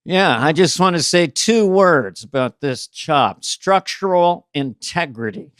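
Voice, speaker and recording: A man co-hosting a casual chat, telling stories with halting restarts. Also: on the high side, clean tone, no echo, clean studio sound. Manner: halting restarts, animated storytelling. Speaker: podcast co-host.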